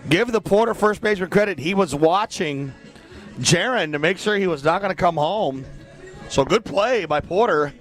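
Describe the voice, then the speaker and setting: A man's voice: high-pitched, lively intonation, normal speed, faint music behind. Chatty man calling a baseball game. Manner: joking, chatty, breaks into silly asides. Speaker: play-by-play announcer. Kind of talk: local baseball commentary.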